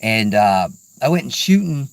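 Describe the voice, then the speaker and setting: This middle-aged hunting vlogger talks casually in the woods, laid-back and meandering, with plenty of "dude" and "man." His mid-range voice is creaky and very animated yet a little slow, with no room sound.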